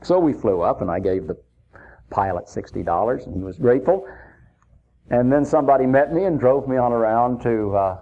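A man's voice: mid-range voice, animated, fairly quick, dark tone. A man preaching, telling a personal story in a folksy, chuckling anecdotal way. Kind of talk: sermon storytelling. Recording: dull lo-fi recording.

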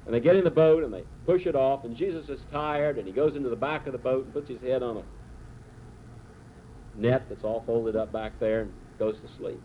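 Dramatic preacher man, tinny sound. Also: medium pitch. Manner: dramatic storytelling with slow emphatic phrases. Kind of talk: sermon. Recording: tinny phone-like sound with faint noise.

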